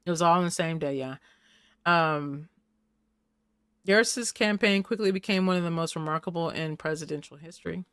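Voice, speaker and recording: A woman's voice: on the low side, moderate pace, a bit bright, clean tone, dry recording. Chatty woman host, dry close sound. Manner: chatty and playful, laughs often, breaks into little voices. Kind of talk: casual recap commentary.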